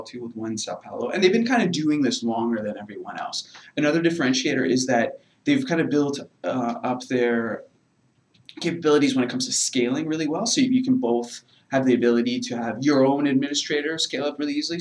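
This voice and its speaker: A man talks through a technical subject from his home in a casual, meandering manner. His voice sits at an ordinary middle pitch, with a faint hiss behind it. He leans on filler words as he goes. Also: low-quality recording. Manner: loose, hedging, heavy on "kinda" and "really". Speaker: guest software developer. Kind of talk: casual technical explanation on a live webcast.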